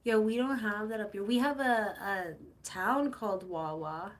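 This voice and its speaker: A woman's voice: medium pitch, a little slow. A young woman hosting a casual live stream, chatting to viewers, answering their comments and telling rambling stories. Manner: animated storytelling with playful quoted voices. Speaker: livestream host.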